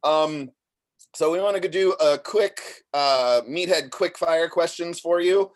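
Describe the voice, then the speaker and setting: A man hosting a casual interview, speaking in a relaxed, halting way with filler words. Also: on the high side. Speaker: interview host.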